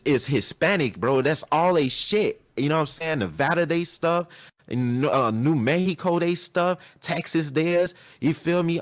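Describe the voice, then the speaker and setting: A man's voice: a little high, no echo. Heated guy on a podcast mic telling a long story, swears a lot, dry close sound. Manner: animated, profane, retells a heated argument. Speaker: podcast host. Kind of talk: casual storytelling chat.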